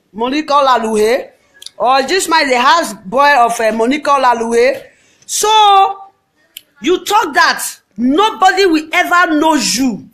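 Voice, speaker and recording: A middle-aged Nigerian woman with a Nigerian Pidgin English accent, ranting dramatically and mockingly, swinging between shouting and muttering. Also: sits high. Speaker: social media commentator. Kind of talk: dramatic gossip rant.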